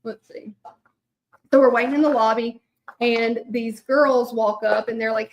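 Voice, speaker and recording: A woman's voice: fairly high pitch, steady tone, a little slow, pauses often. A woman chatting casually to viewers while she hand-letters a sign, full of fillers and "y'all".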